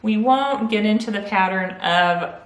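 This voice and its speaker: Gentle teacherly woman in an echoey room. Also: medium pitch, measured pace. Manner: gentle, clear and patient, with soft laughs. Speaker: Montessori teacher. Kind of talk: friendly instructional talk to parents.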